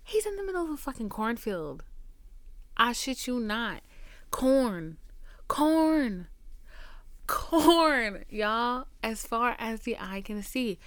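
A woman's voice: a little high, animated, moderate pace, a bit bright, dry recording. A young woman hosting a podcast, telling a dating story in a chatty, profane way, sometimes dropping to a near whisper. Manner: chatty, profane, addresses listener as girl; drops to a near whisper for asides. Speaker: podcast host. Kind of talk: casual storytelling.

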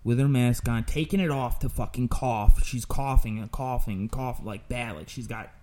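A man's voice: mid-range voice, moderate pace, warm tone. A young man hosting a podcast, telling crude, profanity-heavy stories in casual chat. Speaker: podcast host.

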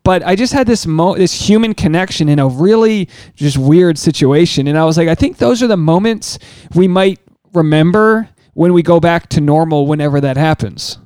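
A man tells a story on his podcast in an earnest, halting way, poking fun at himself. His voice is high and clear, recorded close and dry. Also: lively intonation, a little mellow, no room sound. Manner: earnest, halting, self-mocking. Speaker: podcast host. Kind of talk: casual storytelling chat.

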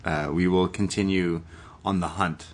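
A man's voice: sits low, fairly even intonation, normal speed. A man co-hosting a casual podcast chat, joking about himself in a playful way that sometimes trails off. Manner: self-mocking, playful, trails off. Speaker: podcast co-host.

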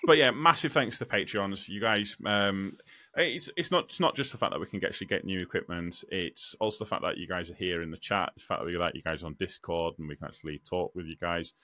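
A man's voice: sits low, fast, few pauses, bright, forceful tone, no room sound. A man co-hosting a podcast in upbeat, chatty talk. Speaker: podcast host. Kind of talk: casual chat.

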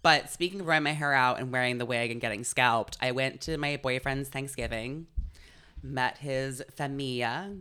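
A young woman co-hosting a podcast, telling a story in a casual, animated and dramatic way. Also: rumbling low, fairly quick, few pauses, clean tone. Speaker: podcast co-host. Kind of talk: casual chat.

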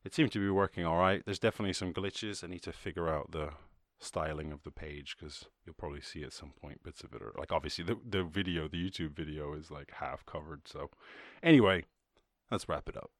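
A man's voice: rumbling low, fairly quick, dry recording, clean studio sound. A man with an Irish accent hosting a podcast, talking in a rambling, casual way with lots of swearing, and laughing at himself. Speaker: podcast host. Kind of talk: casual chat and freestyle rap.

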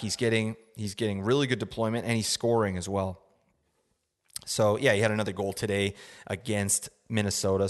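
A man's voice: lowish voice, big-room sound. A young man hosting a casual fantasy sports podcast, rambling with lots of fillers and asking "right?" often. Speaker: podcast host. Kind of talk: casual fantasy hockey advice.

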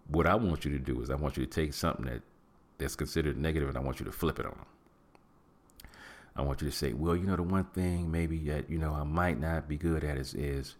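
A middle-aged man hosting a podcast, giving animated, preachy advice in casual talk and acting out what people say. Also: rumbling low. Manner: preachy, animated, acts out quotes and hums. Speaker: podcast host.

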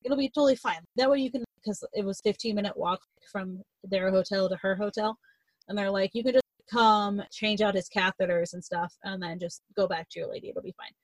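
A woman's voice: mid-range voice, fairly even intonation, fairly quick, no room sound, rough recording. Chatty young woman, swearing casually. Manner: rambling, swears casually, acts out characters' lines. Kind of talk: casual chat retelling a novel.

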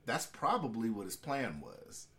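A man's voice: medium pitch, sing-song, measured pace, fairly bright tone. A man co-hosting a casual podcast, talking loosely and profanely about the news, laughing often. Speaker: podcast co-host. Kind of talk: casual chat.

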